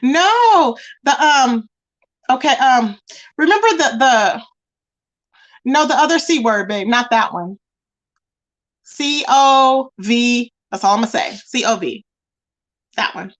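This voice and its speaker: A woman's voice: high-pitched, lively intonation, unhurried, a bit bright, muffled recording. A woman hosting a casual live stream, chatting with viewers and reading their comments, calling them baby and child.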